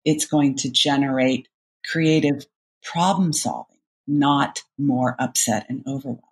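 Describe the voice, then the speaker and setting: A middle-aged woman coach with a gravelly, creaky edge to her voice explains ideas in a podcast interview. She talks with animated energy and acts out little inner voices as she goes. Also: rumbling low, measured pace. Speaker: cognitive behavioral coach, guest.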